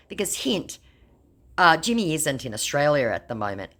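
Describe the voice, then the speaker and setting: Woman, lowish voice, lively intonation, sarcastic, casual chat-log narration. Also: normal speed. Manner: dry, sarcastic commentary. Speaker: scam-baiting video creator.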